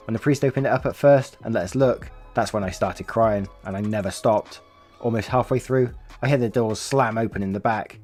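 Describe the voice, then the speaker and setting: A man reading online stories aloud, acting out the angry quotes with big jumps in pitch, and chuckling through his own casual comments in between. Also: darkish tone. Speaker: reddit story narrator. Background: faint background music.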